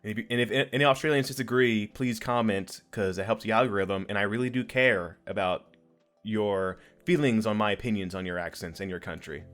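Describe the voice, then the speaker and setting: Playful low-voiced male podcast host. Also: a little fast, fairly bright tone. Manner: playful, joking, laughs often. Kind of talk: casual podcast chat.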